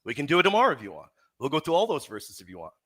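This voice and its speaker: Male livestream host, taunting, bright tense voice, animated pitch. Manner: taunting, teasing, repeats words rapidly. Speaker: debate host. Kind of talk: heated livestream debate.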